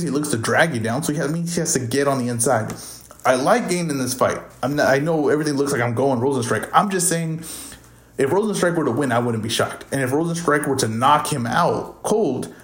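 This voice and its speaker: A man hosting a podcast, casually talking through his fight predictions and thinking aloud as he goes. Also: on the high side. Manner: offhand, thinking aloud, stumbles over fighter names. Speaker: podcast host. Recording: roomy echo.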